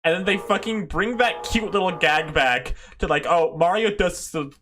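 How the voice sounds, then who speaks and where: A man hosting a casual podcast chat, rambling and animated, swearing now and then. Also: sits high, moderate pace, slight background noise.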